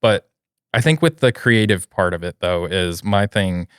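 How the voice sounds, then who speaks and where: Young male podcast co-host, very deep voice, dry close sound, exasperated and full of filler words. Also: a little slow, a bit bright, clear, resonant tone, dry recording. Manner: exasperated, complaining, lots of filler likes. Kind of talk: casual chat.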